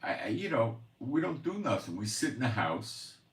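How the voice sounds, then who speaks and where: Speaking from his home in Israel's Galilee, an Israeli prophecy commentator runs his own channel with a rambling, exasperated monologue full of complaints and sighs. His mid-range voice is sing-song and moderately paced. The distant, off-mic recording has a roomy echo.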